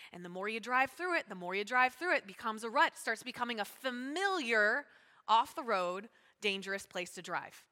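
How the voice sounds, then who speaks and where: A woman pastor preaching a sermon, talking fast and emphatically and calling out to her congregation. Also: a little high, sharp tone. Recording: long hall reverb.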